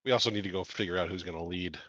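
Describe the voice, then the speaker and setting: Deep-voiced man playing a tabletop game. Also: racing, a bit bright, dry recording, lo-fi sound. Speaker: player. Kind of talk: casual tabletop play.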